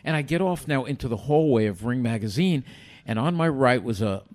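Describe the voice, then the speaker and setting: An older man, a guest telling animated stories from his past and acting out other people's lines. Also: medium pitch, a little fast. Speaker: interview guest. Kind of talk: storytelling in a podcast interview.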